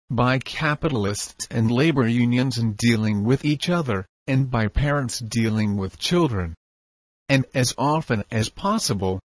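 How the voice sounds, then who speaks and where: A man reads formal nonfiction aloud at a measured, even pace. His voice sits in an ordinary middle pitch. The recording is dry, with no room sound around him. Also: no echo. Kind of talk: reading a nonfiction text aloud.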